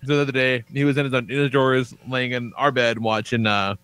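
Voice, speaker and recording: A man in his thirties, co-hosting a podcast in casual chat, telling stories in a profane, animated way. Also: medium pitch, fairly quick, clean tone, no echo. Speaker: podcast co-host.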